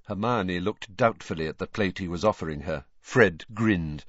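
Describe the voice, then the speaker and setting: A man narrating an audiobook in a measured storytelling manner, in a dry, slightly dull studio recording. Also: sits low, no room sound. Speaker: audiobook reader. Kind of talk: scripted narration.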